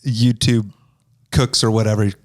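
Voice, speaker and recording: A man's voice: fairly low pitch, level tone, moderate pace. A man joining a podcast conversation, speaking with dry, offhand humor. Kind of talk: casual chat.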